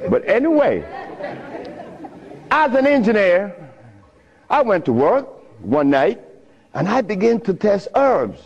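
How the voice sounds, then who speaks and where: A man telling stories in an animated talk, chuckling often and speaking with preacher-like emphasis. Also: fairly high pitch, husky, in a large hall. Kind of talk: animated storytelling lecture. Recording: dull lo-fi recording.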